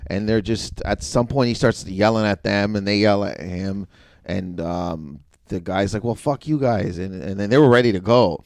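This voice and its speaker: A young man with a low voice tells rambling stories in a relaxed podcast chat. He laughs easily and bursts into loud, high quotes of the people in his tales. The sound is dry and close to the mic. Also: moderate pace, no room sound. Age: young adult. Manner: rambling, laughing storyteller who acts out quotes loudly. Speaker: podcast guest. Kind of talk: casual storytelling chat.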